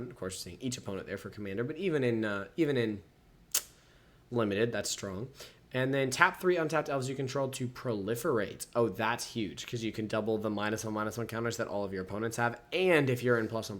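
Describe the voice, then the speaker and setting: Casual man rating trading cards. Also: on the low side. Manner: reads card text then rates it out of ten, casual fillers. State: yawning, sleepy. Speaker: card game reviewer. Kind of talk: casual set review, reading cards aloud.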